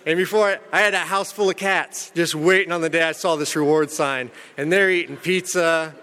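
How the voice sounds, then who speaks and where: A man tells his own recovery story candidly, his speech rambling and studded with "you know" and "man." His voice sits a bit high and rings bright and smooth. He mocks himself as he talks about a dark past. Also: fairly even intonation, a little fast, long reverb tail. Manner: self-mocking humor about a dark past.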